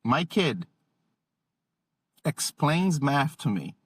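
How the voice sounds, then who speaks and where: Slow, wry dad telling funny stories. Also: male voice, a little high, sing-song, slightly rough. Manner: wry, self-deprecating, exasperated. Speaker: podcast host. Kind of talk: comedic storytelling monologue.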